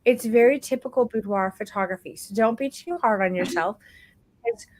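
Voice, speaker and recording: A woman hosting a live online photography class, talking warmly and encouragingly to her students, calling them "baby" and stretching out words for emphasis. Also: fairly high pitch, brisk, no echo, low-quality recording. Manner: warm encouraging, calls people baby. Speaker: photography course instructor.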